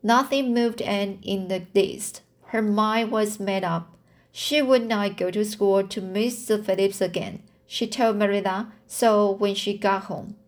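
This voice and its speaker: Woman, amateur novel reader, slow and stumbling, lots of restarts. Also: medium pitch, fairly even intonation. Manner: halting, with slips, fillers and restarts. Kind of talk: reading a novel aloud.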